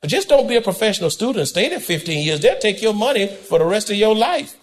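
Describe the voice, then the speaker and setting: Animated male pastor preaching, swooping pitch. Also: fast talker. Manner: animated preaching, swooping between high and low, occasional shouts; folksy, conversational, direct address to congregation. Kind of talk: sermon.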